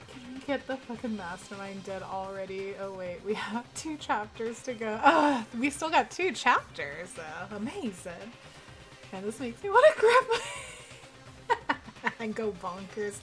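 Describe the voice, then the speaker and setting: A woman's voice: mid-range voice, a bit bright. A young woman streamer chatting casually while playing, venting in emphatic, expletive-heavy bursts. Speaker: game streamer. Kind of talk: casual live-stream chat. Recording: stream with faint background music.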